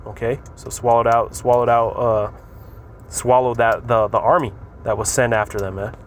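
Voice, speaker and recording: A man's voice: on the low side, steady tone, moderate pace, slight background noise. A man teaching scripture in a casual, repetitive way, reading verses aloud and often adding "man" and "all right.". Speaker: religious teacher.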